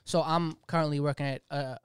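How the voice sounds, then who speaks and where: A young man talks quickly in a smooth, crisp voice pitched a little high. He is a DJ in casual podcast chat, telling loose stories and swearing freely. The sound is close and dry. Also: steady tone, no echo. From Boston. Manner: loose storytelling with frequent swearing.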